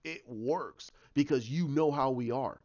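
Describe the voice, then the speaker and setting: A man voicing an earnest male superhero, speaking slowly and deliberately. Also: medium pitch, a little mellow, close to an everyday voice. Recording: dull lo-fi sound.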